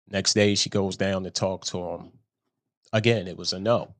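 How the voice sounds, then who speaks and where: A man's voice: sits low, fairly even intonation, moderate pace, no room sound. A man hosting a show, telling a story in a rambling, casual monologue and often laughing at himself. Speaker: show host.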